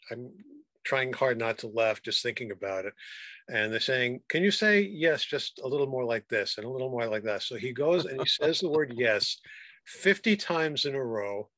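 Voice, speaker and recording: A man's voice: mid-range voice, sharp tone, dry recording. A man hosting an interview, chatting casually and recounting a comedy show with loose restarts. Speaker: podcast host, interviewer.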